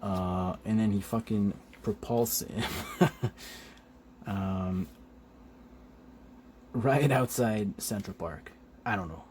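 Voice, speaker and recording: With a lowish voice and a bit of background noise, the man pages through a comic on camera for his video. His commentary is loose and laid-back, full of laughter, "uh"s, offhand swearing, and snippets of acted-out dialogue.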